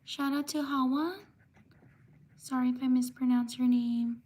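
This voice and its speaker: A woman with a high voice hosts a livestream, reading out viewers' names one by one. She talks slowly and in an even, level tone. She writes each name by hand as she goes and apologizes when she may get one wrong. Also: slightly rough. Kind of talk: livestream shout-outs.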